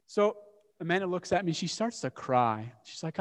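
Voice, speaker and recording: A man preaching a sermon as an animated, self-mocking story. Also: high voice, moderate pace. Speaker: pastor. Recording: long hall reverb.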